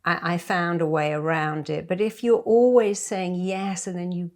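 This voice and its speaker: A middle-aged woman hypnotherapist giving a lively motivational talk to camera, acting out bits of dialogue as she goes. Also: fairly low pitch, moderate pace. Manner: lively, acts out quoted dialogue.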